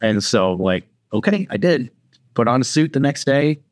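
A man's voice: medium pitch, moderate pace, dry recording, studio quality. A man on a podcast telling a story casually, acting out the voices of the people in it. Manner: animated, acts out quoted voices. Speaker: podcast guest.

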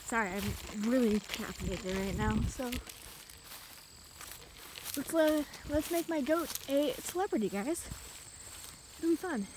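A woman's voice: a little high, measured pace, pauses often. Breathless young woman walking outdoors. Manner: chatty and rambling, talking while walking. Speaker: vlogger. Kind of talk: casual walking vlog. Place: outdoors in woods and a rural field. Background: wind and insects outdoors.

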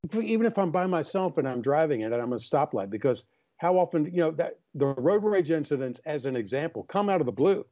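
A man's voice: a little high, lively intonation, fairly quick, mellow, lo-fi sound. An older man, an author talking earnestly in a casual interview and acting out small anecdotes. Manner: earnest, storytelling, acts out voices in anecdotes. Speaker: author and guest.

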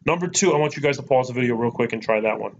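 A man's voice: mid-range voice, expressive, very fast, vocal fry. A man teaching a math lesson in a chatty, joking way, repeating key points. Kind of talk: recorded lesson. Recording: dull lo-fi recording with faint noise.

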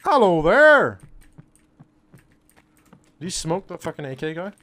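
A man streaming a shooter game, chatting casually to his viewers, excitable and swearing often, calling everyone bro. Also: on the high side, quick pace. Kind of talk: casual live-stream commentary.

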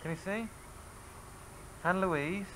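A man's voice: high-pitched, takes it slowly, slight background noise, low-quality recording. A man filming a home video on a camcorder, talking playfully and coaxingly to his toddler at home. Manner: coaxing, teasing, animated. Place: family home. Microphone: camcorder microphone.

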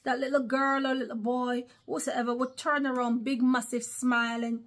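A woman offers religious commentary in an online vlog as a preacher, speaking emphatically and often calling her listeners brothers and sisters. Her voice is high, with little pitch movement, at normal speed.

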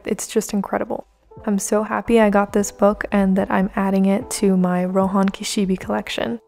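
A woman's voice: mid-range voice, darkish tone. A woman narrating a chatty voice-over for her own video, gushing with enthusiasm as she talks to her viewers. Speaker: manga vlogger. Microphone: home voice-over mic. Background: lo-fi background music.

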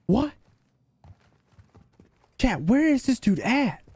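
Hyped high-voiced streamer guy. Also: big pitch swings, slow pace, a little mellow, husky, no room sound. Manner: hyped, slangy, keeps calling people baby and bro. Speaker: live streamer playing a shooter game. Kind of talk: casual gameplay chat with teammates and viewers.

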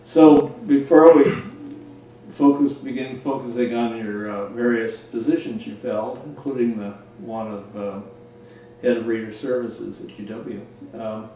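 A man's voice: mid-range voice, fairly even intonation, a little slow, mellow. A man interviewing a longtime colleague for an oral history, asking friendly, encouraging questions. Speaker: interviewer, law librarian colleague. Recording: echoey room, distant mic, faint noise.

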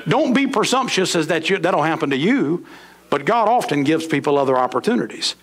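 A middle-aged man preaching a sermon in a church sanctuary, his voice pitched a touch high for a man. He leaps upward on emphatic lines and then sinks low and slow to drive each point home. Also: big pitch swings, husky. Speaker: pastor.

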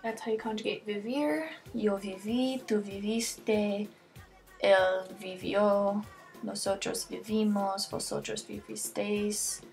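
A woman's voice: medium pitch, steady tone, slow, vocal fry, a little mellow. Teen girl doing a homemade spanish lesson right into her computer mic, chatty and goofy, keeps getting sidetracked, faint music behind. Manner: chatty, jokey, easily sidetracked. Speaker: amateur Spanish tutor. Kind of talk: casual homemade video lesson. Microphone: computer webcam mic close up.

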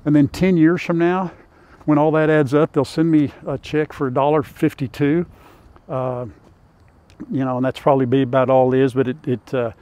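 An older man with an easy drawl, speaking a little high for a man. He chats in a folksy, rambling way, talking to his hens and to his viewers in turn, recorded on a lapel mic outdoors by a chicken pen. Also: fairly even intonation, normal speed, darkish tone, no echo. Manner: folksy and chatty, talks to his birds. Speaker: farm vlogger. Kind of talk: casual farm vlog talk.

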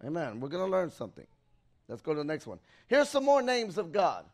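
A man preaching an excitable sermon in a church, pausing for a live interpreter and calling out to the congregation. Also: fairly high pitch, vocal fry. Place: church sanctuary.

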